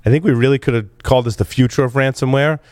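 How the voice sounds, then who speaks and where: A podcast host on the verge of losing his voice talks casually about security and reads ads. Energetic and rambling with restarts, he speaks quickly at a medium pitch, recorded at studio quality with no room sound.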